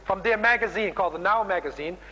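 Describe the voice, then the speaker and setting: High, bright-voiced preacher man in a hall. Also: fast talker, highs cut off. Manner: emphatic, keeps tagging sentences with "man". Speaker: Muslim preacher. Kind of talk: sermon.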